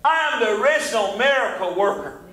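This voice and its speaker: A man's voice: very high-pitched, expressive, a little fast, pushed and bright, reverberant, rough recording. A man preaching a sermon in a casual, conversational way. He repeats short refrains and acts out prayers and God's answers in his own voice. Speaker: pastor. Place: church sanctuary.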